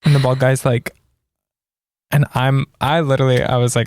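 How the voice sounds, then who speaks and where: A man's voice: mid-range voice, level tone, moderate pace, a little mellow, no echo, studio quality. A young man co-hosting a casual chat, adding to the story in an easygoing way. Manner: easygoing, backs up and adds to the story. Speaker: podcast co-host.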